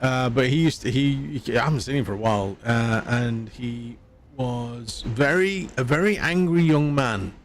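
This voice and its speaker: A man's voice: medium pitch, normal speed, slight background noise. Rambling, chatty male game streamer. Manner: rambling, chatty, laughs at himself. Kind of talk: casual live-stream chat while gaming.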